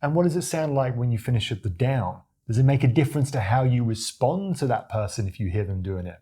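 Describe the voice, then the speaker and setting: A man with a deep voice coaches the viewer on speaking with confidence. His tone is dark and mellow with a slightly husky edge. He talks straight to camera and acts out his own examples as he goes. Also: animated, fairly quick. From Australia. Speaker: communication coach. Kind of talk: talking-head tutorial to camera.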